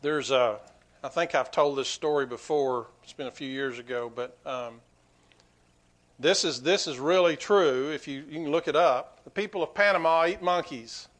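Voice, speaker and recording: A man preaching a sermon to his congregation, swinging between quiet asides and loud, emphatic peaks. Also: on the high side, normal speed. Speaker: pastor.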